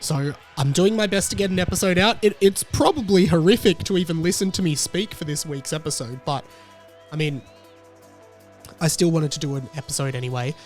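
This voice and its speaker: An Australian man hosting a casual solo podcast while sick with a cold, low on energy, rambling and self-deprecating with frequent restarts. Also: fairly quick, soft background music. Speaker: podcast host.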